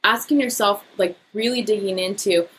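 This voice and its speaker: A woman talking as a podcast guest, upbeat and animated, laughing often. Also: mid-range voice, normal speed, a little hiss or hum, low-quality recording. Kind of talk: casual podcast conversation.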